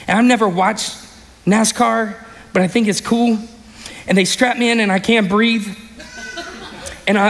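Male pastor, high voice, animated sermon with shouted peaks, recorded in a hall with long reverb. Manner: animated storytelling, bursts into shouts. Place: church sanctuary.

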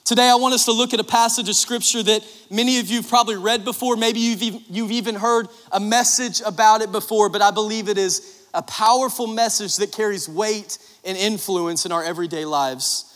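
A man in his thirties, a pastor, preaches a sermon in a church sanctuary, his high, steady voice moving a little fast with a fairly bright tone. He tells personal stories in a chatty way, constantly tossing in "right?" and "like." The recording carries a long hall reverb.

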